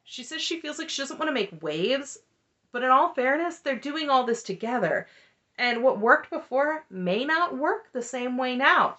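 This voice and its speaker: A woman's voice: fairly high pitch, sharp tone. A woman hosting a casual, chatty recap with snarky asides. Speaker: recap host. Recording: muffled lo-fi audio.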